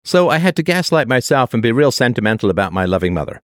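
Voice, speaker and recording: A man's voice: medium pitch, big pitch swings, fast talker, no echo, clean studio sound. A man hosting an advice conversation, pressing a caller with probing questions and acting out quoted voices. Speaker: host.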